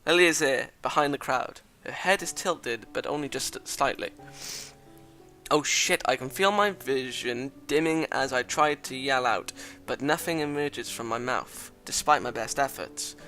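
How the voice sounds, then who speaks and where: A man reading a visual novel aloud in a dramatic voice, breaking off with loud exclamations, swearing and joking asides. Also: medium pitch, normal speed, few pauses, faint music behind. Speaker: visual novel let's-play reader.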